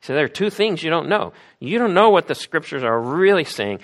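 A man's voice: on the high side, sing-song, fairly quick, a bit bright. A man preaching a sermon in an emphatic way, acting out the voices of the people in the story he tells. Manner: acts out quoted voices, emphatic.

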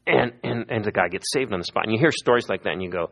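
A man's voice: fairly low pitch, fast, vocal fry, hardly any pauses. A middle-aged man preaching a sermon as a pastor, telling stories and acting out the people he quotes. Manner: lively storytelling, acting out quoted voices.

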